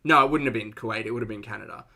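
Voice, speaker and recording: A man's voice: on the low side, racing, vocal fry, bright, forceful tone. A man with an Australian accent, giving sarcastic, chatty reaction commentary on a live stream and reading out chat messages.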